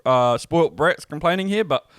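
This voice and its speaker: A young New Zealand man co-hosting a podcast, telling a story in a relaxed, joking, sweary way. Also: a little high, normal speed, smooth, dry recording, studio quality. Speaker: podcast co-host. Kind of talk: casual storytelling chat.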